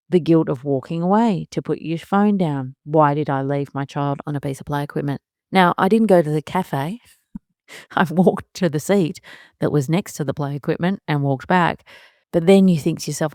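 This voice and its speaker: Low-voiced mum talking candidly. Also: female voice, normal speed, dark tone, dry recording, clean studio sound. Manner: candid and emotional, laughing through worry. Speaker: podcast host. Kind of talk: solo parenting podcast monologue.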